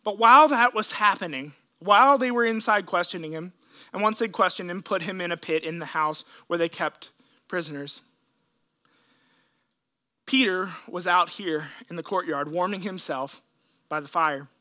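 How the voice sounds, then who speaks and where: A man preaching a sermon, retelling scripture in an earnest, emotional way with dramatic pauses. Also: high-pitched, pushed and bright. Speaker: pastor.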